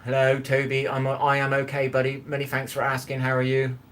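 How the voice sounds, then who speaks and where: A man's voice: mid-range voice, monotone, fairly quick, fairly bright tone, slight background noise. A man hosting a casual live cooking stream from his home kitchen, sitting on a chair. He rambles, greets viewers by name and swears freely. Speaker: livestream cooking host.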